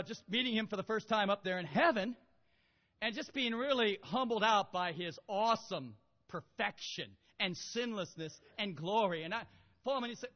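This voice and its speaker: A man preaching a sermon, animated, moving from quiet storytelling to loud exhortation. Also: high-pitched. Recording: lo-fi with long hall reverb.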